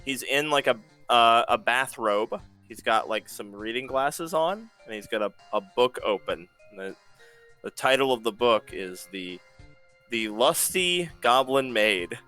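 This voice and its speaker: A man narrating as game master of a tabletop role-playing session, lively and amused. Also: mid-range voice, a little slow, faint music behind.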